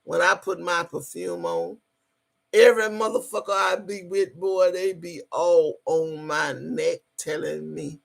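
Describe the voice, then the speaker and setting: A woman's voice: lowish voice, steady tone, a little slow, gravelly. A woman hosting a livestream, talking brashly and profanely, boasting and laughing often as she greets her chat. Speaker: livestream host.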